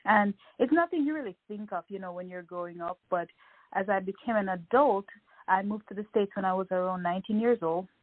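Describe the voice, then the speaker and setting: A woman from Jamaica, a wellness coach, answering interview questions in a soft-spoken way. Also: medium pitch, a little fast, no room sound, phone-quality sound.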